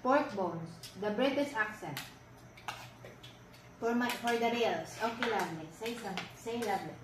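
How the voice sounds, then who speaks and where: A woman's voice: a little high, moderate pace, noisy background. A woman with a Filipino accent chatting casually at the dinner table and insistently coaxing her husband. She hosts the video. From Philippines. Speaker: vlog host and wife. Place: home dining table. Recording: echoey room, mic at a distance, dinner clatter.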